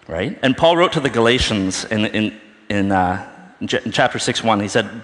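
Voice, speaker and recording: A man with a fairly low voice preaching in a relaxed, conversational way. He thinks aloud and keeps checking in with the listeners. The sound carries a long reverb, as in a large hall. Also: normal speed. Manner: informal, thinking aloud with frequent "right?". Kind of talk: conversational sermon.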